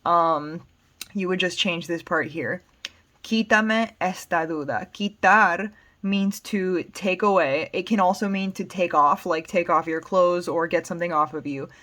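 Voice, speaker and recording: A woman's voice: lowish voice, measured pace, a bit bright. Patient American woman explaining Spanish lyrics. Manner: patient, plain explanations with fillers. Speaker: Spanish teacher.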